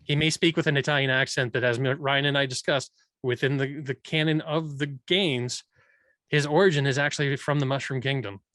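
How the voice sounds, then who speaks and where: A man talks at length in a relaxed podcast conversation and argues his views with many restarts. His voice sits at a middle pitch. The recording is dry and close, with no room sound. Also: a little fast, no echo. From Irish heritage. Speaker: podcast host. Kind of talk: casual chat.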